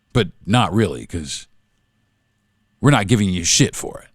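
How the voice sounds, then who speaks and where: Podcast guy going off, lots of cursing and repeating himself, animated voice, dry sound. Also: low voice, a little slow, long pauses, husky, no echo. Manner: emphatic, repetitive, profane ranting. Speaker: podcast host. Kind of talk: solo podcast monologue.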